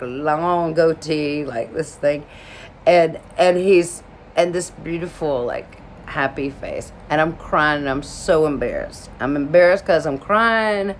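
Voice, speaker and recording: A woman's voice: low-pitched, slight background noise. A woman from Alabama casually telling a personal story to camera, emotional and rambling, with many "like" fillers.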